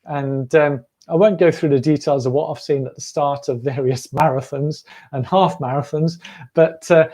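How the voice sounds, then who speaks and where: Hosting a running livestream, a man talks in a rambling, chatty way and laughs often. His voice sits on the high side, with a steady, warm tone at a normal speed.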